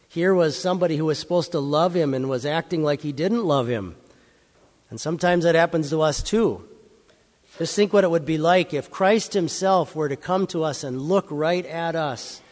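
Male pastor, children's sermon, gentle and direct with kids; slightly high voice, reverberant sanctuary. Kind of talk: children's sermon with scripture reading. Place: church sanctuary. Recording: long church reverb.

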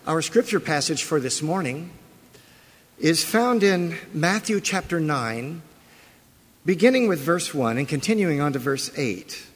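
Husky pastor preaching in a reverberant hall. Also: male voice, on the high side, a little slow. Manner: animated, conversational preaching with rhetorical questions. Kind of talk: sermon. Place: church sanctuary.

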